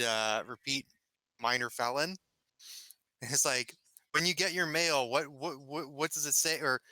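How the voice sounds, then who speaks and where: A man's voice: medium pitch, pushed and bright, clear, resonant tone, dry recording, poor audio. A man chatting casually with his tabletop group, recounting comedy show bits with many restarts. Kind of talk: casual chat among tabletop players.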